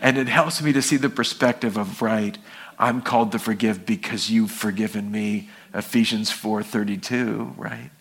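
A man's voice: moderate pace, breathy edge. A male pastor preaching a sermon, telling stories and acting out the people in them with a raised voice. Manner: animated storytelling, acts out quoted people in a high voice.

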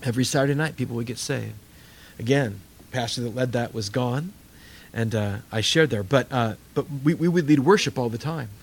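A man's voice: medium pitch, a little fast, a little hiss or hum. An older man preaching a sermon, telling stories animatedly and acting out voices. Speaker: pastor.

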